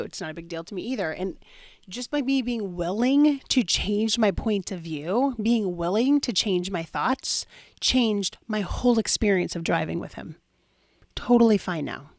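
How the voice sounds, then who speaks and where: A woman's voice: mid-range voice, no room sound, clean studio sound. A young adult woman hosting a solo podcast as a life coach, telling a story with lots of fillers and dramatic quoted asides.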